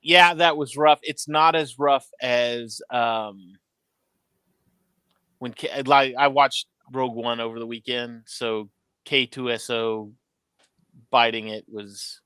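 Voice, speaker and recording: A man's voice: medium pitch, steady tone, slow pace, bright, forceful tone, clear, resonant tone, no echo. A man co-hosting a casual fan review chat, chatty and rambling, laughing often. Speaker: podcast co-host.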